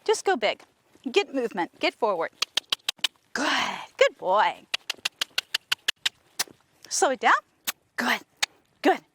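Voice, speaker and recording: A woman trainer working a horse outdoors, her voice sitting a little high and swinging through a wide, lively range. She switches between gentle coaxing praise for the animal and excited explanations to the camera. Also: slow pace, pauses often, heavy background noise. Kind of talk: casual training vlog talking to camera and horse.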